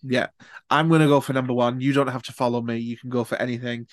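A man's voice: mid-range voice, flat delivery, fast, no room sound. A man hosting a podcast, chatting casually and swearing freely. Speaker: podcast host. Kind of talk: casual chat.

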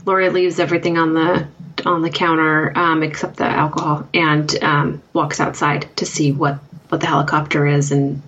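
A woman's voice: low-pitched, little pitch movement, moderate pace, fairly bright tone. A woman playing a tabletop game, describing her character's moves in a hesitant way, with many fillers. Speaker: player. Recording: dull lo-fi sound.

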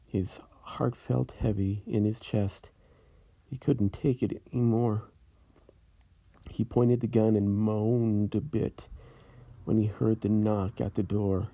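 A man narrating a spooky rhyming story in a slow, brooding, measured way. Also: fairly low pitch, level tone, vocal fry, dark tone, no echo.

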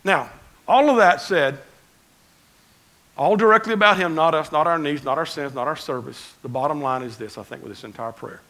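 A man preaching a conversational sermon as pastor, swinging between loud emphasis and quiet asides. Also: on the high side, moderate pace, low-quality recording.

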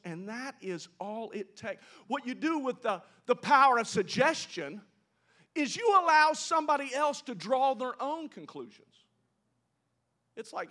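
A man preaching a sermon, telling a scripture story with animated delivery and asking his listeners questions. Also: extremely high pitch, normal speed. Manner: animated storytelling, voices quoted characters, asks the congregation questions. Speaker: pastor.

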